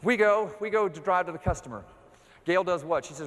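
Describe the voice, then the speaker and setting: A man giving a keynote speech as a motivational speaker, telling stories with lively acted-out dialogue. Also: sits high, a little fast, in a large hall, a little hiss or hum. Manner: animated storyteller, acts out dialogue. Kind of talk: keynote speech to a live audience.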